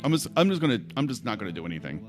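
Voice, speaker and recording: A man's voice: medium pitch, big pitch swings, very fast, over music. A man hosting a livestream, telling a story in a casual, chatty way with lots of filler words and the odd swear. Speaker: livestream host.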